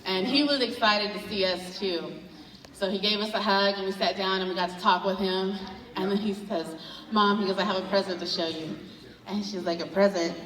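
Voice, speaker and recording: Woman stand-up comic, animated storyteller doing family voices, recorded from across a reverberant event hall. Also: medium pitch, brisk. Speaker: stand-up comedian. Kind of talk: stand-up comedy set. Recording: roomy hall, voice from far off.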